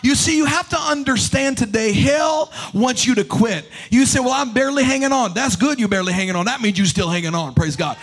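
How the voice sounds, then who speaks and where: High-voiced preacher man shouting. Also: a little fast, hardly any pauses. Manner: animated preaching, shouting and chanting refrains. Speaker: pastor. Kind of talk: sermon. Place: church sanctuary.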